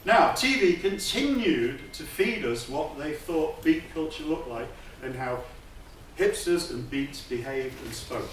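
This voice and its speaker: A man giving a keynote lecture in a lively, playful way, sprinkling in hip slang. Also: medium pitch, a little hiss or hum. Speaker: keynote speaker. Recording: distant voice in an echoey hall.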